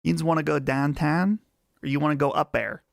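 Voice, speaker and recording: A man's voice: on the high side, fairly even intonation, fairly quick, gravelly, dry recording. A man with a Western Pennsylvania accent hosting a casual live chat stream, chatty and rambling on a close mic. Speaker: livestream host.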